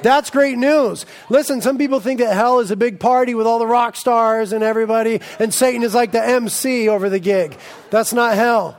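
A man preaching a sermon as pastor, energetic and jokey, telling stories with animated asides. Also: extremely high pitch, moderate pace.

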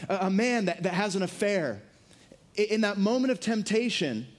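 A man preaching a sermon, lively and earnest, dropping his voice low for emphasis and acting out quotes. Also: moderate pace. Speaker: pastor.

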